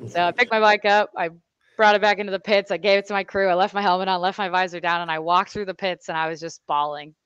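A young woman, a motorcycle racer, telling race stories in a chatty, animated way on a podcast. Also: on the low side, quick pace, clean tone, dry recording, lo-fi sound. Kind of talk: casual storytelling interview.

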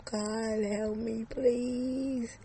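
A storyteller voicing a frightened mother with grown daughters, talking with a gravelly edge. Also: mid-range voice, flat delivery, unhurried, darkish tone, a little hiss or hum, poor audio. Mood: screaming. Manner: shaky then earnest and pleading.

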